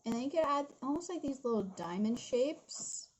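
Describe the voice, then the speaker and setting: A young woman with a slightly high voice leads a drawing tutorial from her home studio. She talks viewers through each step in a chatty, giggly way. A faint hiss of background noise sits under her voice. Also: lively intonation, normal speed, low-quality recording. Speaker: art instructor.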